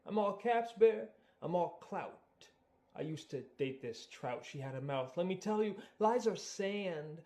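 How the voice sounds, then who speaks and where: A man voicing a smug, bragging male bear who mutters absurd boasts in a low, deadpan tone. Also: unhurried. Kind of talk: rap song.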